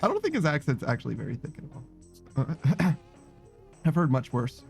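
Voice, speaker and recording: A man's voice: on the high side, wildly swooping pitch, moderate pace, vocal fry, darkish tone, soft background music. A man streaming a game, chatting casually and rambling with many fillers. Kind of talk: casual chat while gaming.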